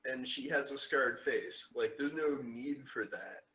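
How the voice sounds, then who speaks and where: A man running a tabletop game as game master, rambling with many fillers and throat-clearing. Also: medium pitch, a little slow, bright, forceful tone, echoey room, poor audio.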